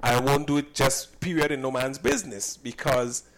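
A man's voice: mid-range voice, normal speed, fairly bright tone, rough recording. A man from Saint Kitts, a cook and business owner, recounting a personal incident in an emphatic, indignant way and often repeating himself.

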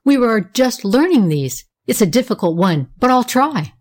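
A woman voicing an eager, excitable little girl in a storybook reading, talking breathlessly. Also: a little high, moderate pace.

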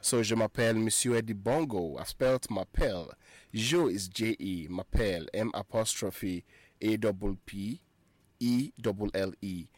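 A man's voice: lowish voice, normal speed. A man hosting a radio French lesson, repeating phrases and spelling words out letter by letter for listeners. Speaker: radio French teacher and show host.

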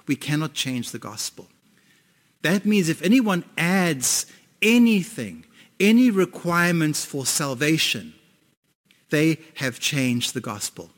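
A man's voice: on the high side, sing-song, a little slow. A male pastor preaching a sermon, emphatic, often asking the audience questions. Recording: long reverb in a hall.

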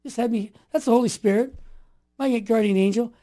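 A man in his sixties telling stories in a conversation, emphatic and animated, sometimes building to forceful outbursts. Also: very high-pitched, a little fast. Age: 60s. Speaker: interview guest. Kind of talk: storytelling conversation.

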